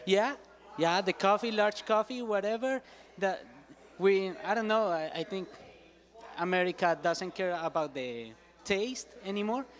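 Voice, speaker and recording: A man's voice: sits high, a little slow. A man answering street interview questions in a rambling, hesitant way.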